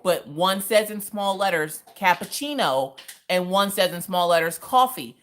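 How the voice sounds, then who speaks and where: A woman's voice: lowish voice, expressive, measured pace, a bit bright. A woman hosting a casual craft livestream, chatting playfully, laughing often and reading viewer comments aloud. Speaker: livestream host.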